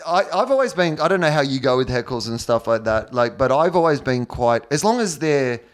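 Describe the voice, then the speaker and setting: A man's voice: medium pitch, fairly quick. A man with an Australian accent, a guest comedian telling stories in casual podcast chat, laughing often as he talks. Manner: animated storytelling, laughs often.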